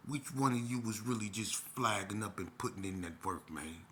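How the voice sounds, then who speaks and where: A man's voice: fairly low pitch, moderate pace, fairly bright tone, slight background noise. A middle-aged man telling an unscripted personal story in a blunt, streetwise way, circling back with many restarts. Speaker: storyteller recounting his street past.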